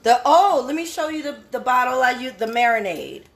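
A woman's voice: high voice, lively intonation, brisk, creaky, reverberant, slight background noise. A woman hosting a casual livestream from her kitchen on a phone, folksy and easygoing, calling people honey and child. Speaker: home cook hosting a livestream. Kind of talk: casual cooking chat.

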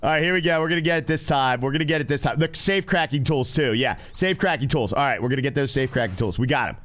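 A man giving live gameplay commentary as a streamer, excitable and constantly talking to his chat. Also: medium pitch, fast, soft background music. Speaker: game streamer.

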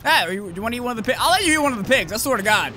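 A man giving profane, excitable commentary while playing a video game, yelling at the monsters. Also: very high-pitched, racing, noisy background. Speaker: let's play gamer. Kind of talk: gameplay commentary. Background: game music.

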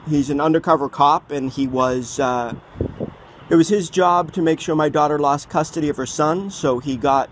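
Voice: medium pitch, moderate pace, slight background noise. A filmmaker narrating a documentary and questioning people on recorded calls, blunt and indignant, swearing freely.

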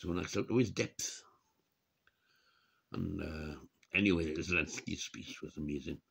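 A man's voice: sits low, unhurried, gravelly, fairly bright tone, breathy edge. A man talking casually and wryly to his camera in a rambling vlog monologue. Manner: chatty, wry, given to chuckling asides. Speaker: vlogger.

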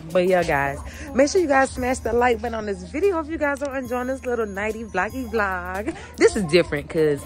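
Excited woman vlogging in the snow. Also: fairly high pitch, a little fast, few pauses, soft background music. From Georgia, USA. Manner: excited, chatty, keeps addressing viewers as y'all. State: cold and shivering. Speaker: family vlogger. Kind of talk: casual chat to camera. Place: outdoors in falling snow.

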